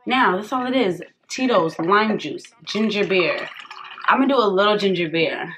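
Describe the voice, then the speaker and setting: A woman's voice: mid-range voice, lively intonation, normal speed, noisy background. A woman vlogger, tipsy, chatting loosely and swearing freely to her viewers while doing her makeup. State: tipsy from drinking. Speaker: beauty vlogger. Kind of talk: casual makeup tutorial chat.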